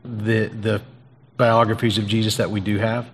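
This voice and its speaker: A man hosting an interview, speaking in a friendly, halting way with many fillers. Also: lowish voice, little pitch movement, in a large hall, slight background noise. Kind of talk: conversational interview.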